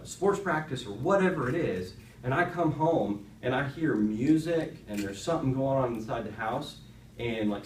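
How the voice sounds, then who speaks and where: A man tells a Bible story to a class in a lively, conversational way and turns to the students with rhetorical questions. His voice sits at an ordinary middle pitch. The classroom sounds roomy and the mic is set back from him, with a faint hum of the room behind. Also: recorded from a distance. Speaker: youth speaker teaching a class. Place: high school classroom.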